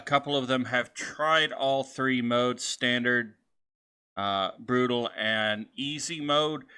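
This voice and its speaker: A man's voice: mid-range voice, bright, forceful tone, clear, resonant tone. A man hosting a let's-play video, talking casually and rambling with lots of fillers and restarts as he sets up a game. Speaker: gaming channel host.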